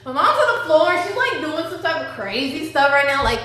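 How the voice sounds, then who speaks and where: A woman's voice: high voice, expressive, a little fast, hardly any pauses, a bit bright. A woman telling a personal storytime, dramatic and profane, talking straight to her viewers. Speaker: storytime vlogger. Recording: very echoey room.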